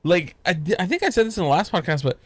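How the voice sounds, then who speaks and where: A man's voice: high-pitched, animated, fast talker, husky, no echo. A young father hosting a casual podcast chat, animatedly telling stories about his kids and acting out their voices. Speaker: podcast host.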